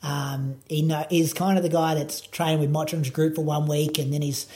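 Speaking at a moderate pace in a warm, slightly high voice, this Australian-accented man delivers things flatly. He produces a running podcast and coaches, and in this casual interview he's relaxed, meandering and heavy on fillers.

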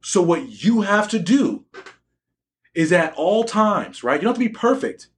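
A man's voice: high-pitched, sing-song, a little slow. A young adult man giving a motivational talk to students, boastful and emphatic, often asking the audience questions. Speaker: motivational speaker addressing students.

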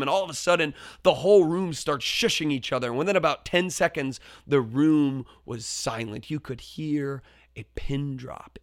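A man, a teacher, telling a story about his classroom in an animated way, dropping to a hush for effect. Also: medium pitch, moderate pace, gravelly, no room sound, clean studio sound. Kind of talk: storytelling talk.

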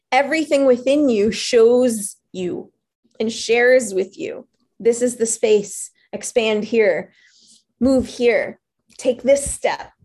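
A woman life coach giving a motivational talk, earnest and animated as she tells stories. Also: on the high side.

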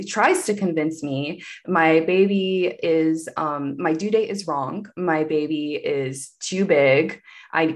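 Candid woman with a low-set voice. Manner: candid, meandering, many asides. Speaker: guest. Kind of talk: personal storytelling in conversation.

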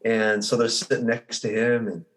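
A man of middle pitch speaks as a guest on a podcast. He tells stories with energy, acting out each person's lines as he goes. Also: moderate pace. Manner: animated storyteller who acts out the people in his anecdotes. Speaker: results coach, podcast guest. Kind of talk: conversational interview.

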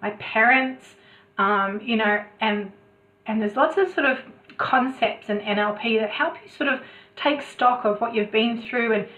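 A woman's voice: a little high, unhurried. A woman talking as a podcast guest in a chatty way, restarting her sentences often. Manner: chatty, many restarts, animated asides. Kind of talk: casual interview chat. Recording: tinny phone-like remote call.

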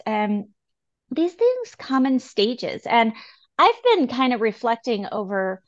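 A woman's voice: a little high, very animated, muffled recording. Earnest woman podcast co-host. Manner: earnest, encouraging, quotes people in quick asides. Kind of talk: casual health podcast chat.

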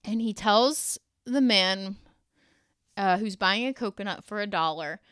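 A woman's voice: mid-range voice, a little slow, fairly bright tone, clear, resonant tone, no room sound, clean studio sound. A woman hosting a solo motivational podcast, talking in an earnest, heartfelt way with casual fillers. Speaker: podcast host.

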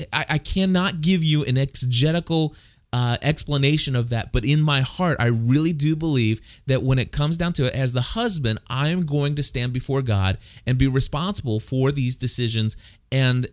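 A plain-spoken man shares stories and his views as a father on a casual faith podcast. He talks at a middling pitch and stumbles over his words now and then as he works out his point. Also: moderate pace. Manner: plain-spoken storyteller, restarts sentences often. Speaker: podcast co-host. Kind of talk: casual Christian discussion podcast.

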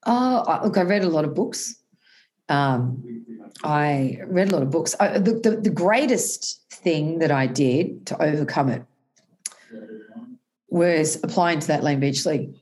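A woman's voice: deep voice, expressive, unhurried, darkish tone. A woman guest in a conversational interview, telling a personal story earnestly, with frequent restarts and self-corrections.

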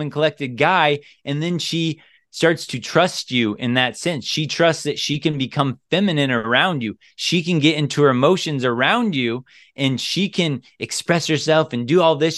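A man's voice: fairly high pitch, a bit bright, dry recording, clean studio sound. A man co-hosting a podcast, talking earnestly in casual chat and repeating phrases for emphasis. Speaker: podcast co-host.

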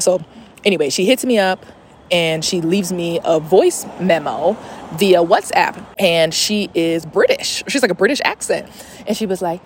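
A woman's voice: mid-range voice, animated, normal speed, slight background noise. A young woman hosting a podcast in a casual, rambling, profane chat, recorded on a phone voice memo. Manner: chatty, profane, rambling with fillers. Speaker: podcast host.

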